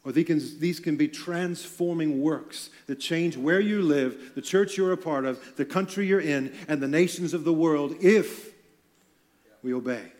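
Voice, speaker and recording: A man's voice: a little high, measured pace, a little mellow. A man preaching an earnest sermon to church leaders, emphatic and with light self-deprecating humor.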